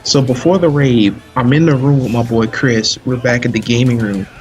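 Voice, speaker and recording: A man telling a long story in casual chat during a live game stream, animated and full of slang. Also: mid-range voice, normal speed, faint music behind. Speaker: stream commentator.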